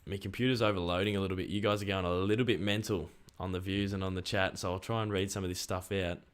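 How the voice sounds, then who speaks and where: A young Australian man chatting excitedly on a live stream and reading out viewer messages. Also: deep voice, fast talker. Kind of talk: casual live stream chat.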